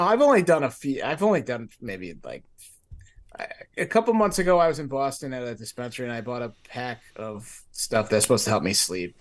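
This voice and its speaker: A man's voice: mid-range voice, fairly bright tone. A man on a podcast casually telling a rambling personal story, acting out his own past thoughts with lots of fillers. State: grieving. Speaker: podcast co-host.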